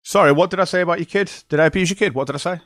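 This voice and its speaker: Fast-talking combative man. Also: high voice, fairly bright tone, no echo, studio quality. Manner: fast, combative, sarcastic, talks over the other man. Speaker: podcast host. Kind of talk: heated argument on a call.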